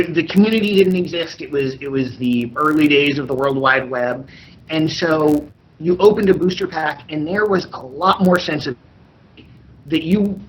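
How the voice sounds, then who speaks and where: A man's voice: a little high, low-quality recording. A man in an interview, speaking reflectively and poking fun at himself. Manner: reflective, self-mocking.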